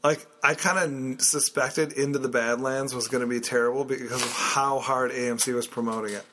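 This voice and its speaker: A man's voice: medium pitch, steady tone, fairly quick, pushed and bright. A male podcast co-host chats casually. He mostly chimes in with short agreeing remarks and the odd longer opinion. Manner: brief agreeing interjections. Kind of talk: casual chat.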